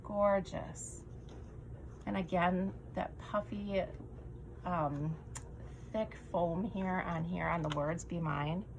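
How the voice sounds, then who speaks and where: A woman vlogger gushing her way through unboxing handmade craft swap items, often dropping to soft whispers. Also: fairly low pitch, fairly even intonation, slow pace, creaky, slight background noise, low-quality recording. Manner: gushing, breathless with delight, drops to soft whispers. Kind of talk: casual unboxing chat.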